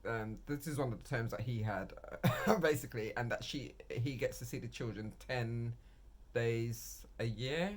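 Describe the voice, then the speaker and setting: A man giving casual, rambling reaction commentary on reality TV from home, quick to laugh. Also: on the low side, a bit bright.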